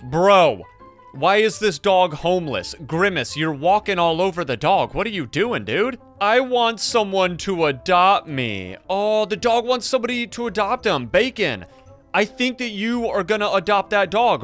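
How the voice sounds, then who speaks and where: A young man giving excitable, jokey commentary while playing and narrating a game. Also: sits high, moderate pace. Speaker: gaming YouTuber. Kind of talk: Let's Play commentary. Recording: faint music behind.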